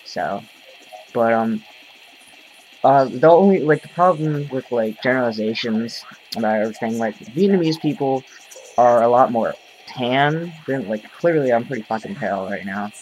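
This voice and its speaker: A man's voice: medium pitch, animated, normal speed, darkish tone, a little hiss or hum, low-quality recording. A man talking straight to his camera in a casual rant, rambling and profane, full of fillers. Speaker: vlogger. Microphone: camera mic.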